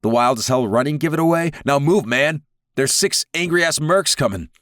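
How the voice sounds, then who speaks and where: A narrator putting on a brash, panicky young man who is fleeing armed pursuers in an audiobook, pitched well above the narrator's own voice and pushed loud. He talks in rapid, swearing bursts, high and frantic, over a dry, close recording. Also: lively intonation, no room sound. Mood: panicked.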